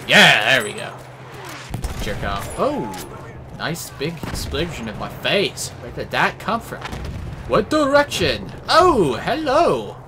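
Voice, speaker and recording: Excitable man yelling over game noise. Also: fairly high pitch, slow pace. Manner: excitable, yelling at enemies, minced oaths. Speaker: gameplay commentator. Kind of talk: live game commentary. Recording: game noise clearly behind voice.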